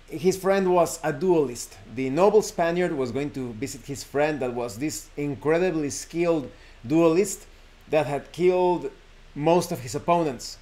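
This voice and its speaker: A man's voice: a little high, a little mellow. A man, hosting a show and casually retelling a horror folk tale, rambling and correcting himself with frequent fillers. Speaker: host. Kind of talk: casual storytelling.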